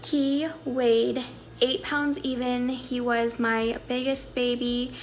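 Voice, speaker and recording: Young mom in her 20s rambling thru her story, kinda high voice, music under it. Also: flat delivery, slow pace. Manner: chatty, candid, rambling with fillers. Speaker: vlogger and mother. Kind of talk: casual storytelling to camera.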